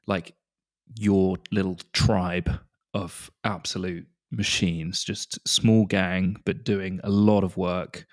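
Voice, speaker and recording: A man's voice: low voice, flat delivery, slow, no room sound, studio quality. A man hosting a podcast interview, asking long, rambling questions in a chatty way with lots of fillers. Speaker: podcast host. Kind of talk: casual interview chat.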